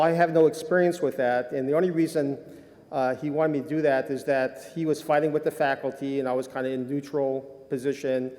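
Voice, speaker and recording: A man's voice: mid-range voice, warm tone. Rambling older man in a reverberant hall. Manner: rambling, self-deprecating, many fillers. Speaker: conference speaker, sports medicine doctor. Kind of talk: conference talk with anecdotes. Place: lecture hall.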